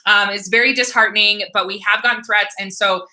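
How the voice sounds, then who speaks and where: A woman's voice: mid-range voice, fairly even intonation, brisk, sharp tone, rough recording. A woman from the United States hosting a casual livestream Q&A, chatty, thanking viewers and reading comments aloud.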